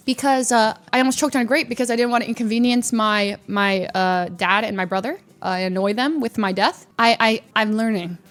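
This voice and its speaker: High-voiced animated young woman streamer. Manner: animated, laughs often, mimics others loudly. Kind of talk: casual storytelling chat.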